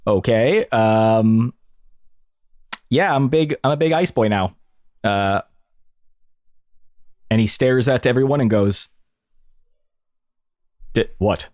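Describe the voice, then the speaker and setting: A man's voice: mid-range voice, slow pace, long pauses, a little mellow, no echo, clean studio sound. A man playing a tabletop role-playing game, chatting playfully and laughing often. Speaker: player.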